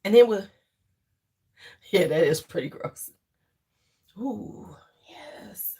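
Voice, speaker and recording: Husky woman rambling on a livestream. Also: medium pitch, animated, takes it slowly, dark tone. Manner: rambling, laughs often, chats with viewers. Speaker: livestream host. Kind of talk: casual livestream chat.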